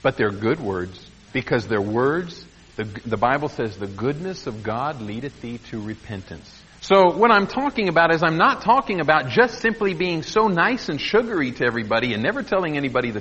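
A middle-aged man preaching a sermon in a folksy, earnest way, laughing softly at his own asides. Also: on the high side, slightly rough. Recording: muffled echoey church recording.

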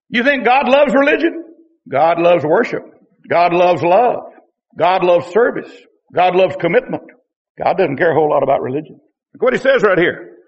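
High-voiced man preaching a folksy sermon. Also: animated, fairly quick, vocal fry, fairly bright tone, lo-fi sound. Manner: folksy, emphatic preaching with repeated refrains. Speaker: pastor.

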